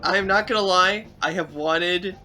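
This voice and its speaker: A man's voice: high voice, unhurried, a little hiss or hum. A man co-hosting a game stream, chatting casually and telling stories with lots of energy and laughter. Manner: animated storytelling, laughs often. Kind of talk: casual chat.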